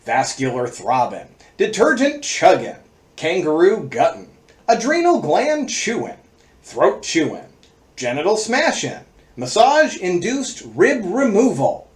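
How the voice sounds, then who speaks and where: A man's voice: high-pitched, roomy sound. A man hosting a comedic horror movie review, narrating with playful sarcasm and reeling off lists with relish. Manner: sarcastic, playful, lively list-reading.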